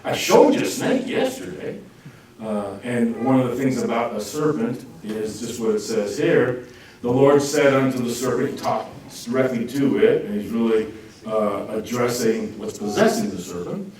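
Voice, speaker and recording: A man giving an informal Bible class, joking and acting out quotes in lively swings of voice. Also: moderate pace. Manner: jokey, animated, acts out quotes with lively pitch swings. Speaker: Bible teacher. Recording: roomy echo, speaker far from mic, faint noise.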